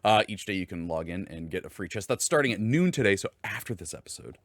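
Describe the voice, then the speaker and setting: An upbeat man hosting a livestream, his voice bright and full of swooping pitch. He talks in a casual, giggly way and breaks into laughter often. The sound is close and dry. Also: lively intonation, fast talker, no echo. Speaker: stream host.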